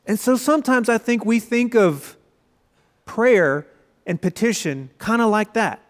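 High-voiced man preaching in a reverberant hall. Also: expressive, measured pace. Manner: conversational storytelling with acted-out quotes. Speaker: pastor. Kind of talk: sermon. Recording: long reverb of a large hall.

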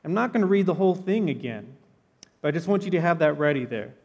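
A pastor giving a sermon in a church, telling the story in a conversational, animated way with casual asides. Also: male voice, fairly high pitch, fast, creaky, in a large hall. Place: church sanctuary.

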